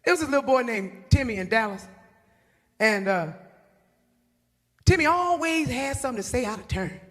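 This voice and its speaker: A woman's voice: a little high, expressive, moderate pace, long reverb tail. A woman telling a long comic story in a folksy, chatty way, repeating words for effect. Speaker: gospel singer doing stand-up.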